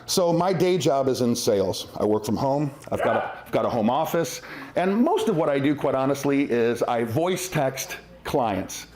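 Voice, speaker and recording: Doing stand-up at a winery venue, this middle-aged comic talks with medium pitch at normal speed, expressive and self-deprecating, slipping into silly voices. Crowd noise and laughter fill the roomy live space.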